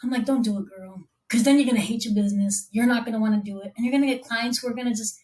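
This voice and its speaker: Fairly high-voiced woman guest, casual and animated, rattles through stories and voices the people in them. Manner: animated, acts out quoted dialogue with voices; fast, rambling with restarts. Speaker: guest copywriter and copy coach. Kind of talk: casual conversation.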